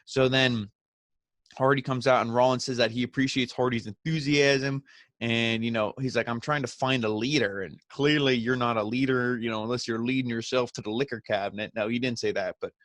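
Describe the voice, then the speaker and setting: A man talks through a wrestling episode in a loose, sarcastic rant and keeps slipping into mocking asides. His voice sits at an ordinary middle pitch. The sound is dry and close, with no room around it. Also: fairly even intonation, a bit bright, no echo. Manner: sarcastic, ranting, mimics wrestlers in quick asides. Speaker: wrestling review host. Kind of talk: casual recap commentary.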